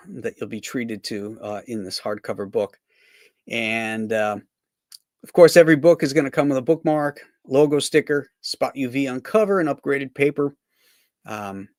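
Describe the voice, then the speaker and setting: A man's voice: mid-range voice, dry recording, clean studio sound. Rambling, anecdotal male cartoonist. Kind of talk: casual livestream chat.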